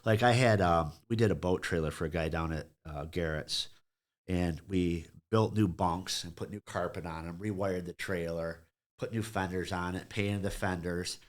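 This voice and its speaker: A man's voice: deep voice, normal speed. A middle-aged man who owns a truck repair shop, telling blunt and profane stories on a podcast and acting out calls with customers. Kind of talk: casual podcast storytelling.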